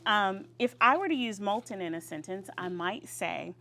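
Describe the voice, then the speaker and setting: A woman's voice: medium pitch, expressive, pushed and bright. Woman teacher leading call-and-response. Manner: encouraging call-and-response, drawn-out words. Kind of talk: classroom vocabulary lesson. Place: classroom.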